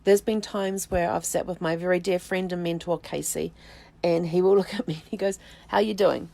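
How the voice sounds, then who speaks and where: Low, gravelly-voiced woman storyteller. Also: steady tone. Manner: reflective, unhurried, with halting restarts and soft fillers. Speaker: vlog host, family tree researcher. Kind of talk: personal storytelling to camera.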